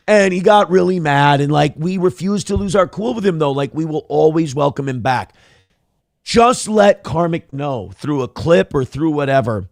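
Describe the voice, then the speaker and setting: Male livestream host from Minnesota, gravelly, slightly high voice, dry close sound, mocking and corny. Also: expressive, normal speed, dry recording. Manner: mocking, over-the-top corny impressions of critics. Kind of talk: casual livestream rant.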